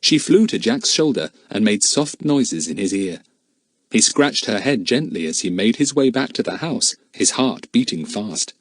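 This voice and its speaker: A man reads a children's adventure story aloud with a lively, rising and falling delivery. His voice has a husky grain at middling pitch. The recording is dry and close. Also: moderate pace, no echo. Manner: expressive, animated reading. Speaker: audiobook narrator. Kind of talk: storybook narration.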